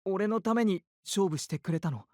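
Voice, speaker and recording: An actor voicing a gentle, tearful young man in a visual novel, speaking softly and gratefully. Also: high voice, fast talker, lightly acted.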